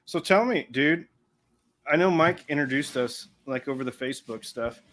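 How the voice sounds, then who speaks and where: A man's voice: medium pitch, normal speed, fairly bright tone. A man chatting as a guest on a livestream, laid-back and cracking dry jokes into a studio microphone. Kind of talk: casual chat.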